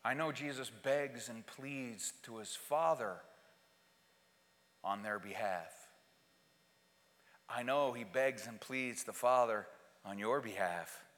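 A man preaching a sermon as pastor to his congregation, slowly and emphatically, with repeated phrases. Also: medium pitch, fairly bright tone. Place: church sanctuary. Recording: long hall reverb in a church.

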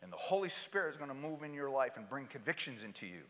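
A man preaching a sermon, swinging from loud, urgent passages to hushed, intimate asides, and acting out quoted prayers and pleas. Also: mid-range voice, very animated, fast talker. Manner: acts out quoted prayers and pleas in different voices. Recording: long hall reverb.

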